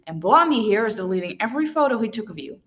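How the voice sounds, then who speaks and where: A woman's voice: medium pitch, sing-song, quick pace, a bit bright. A woman voicing an angry, protective young man who speaks in clipped, blunt orders.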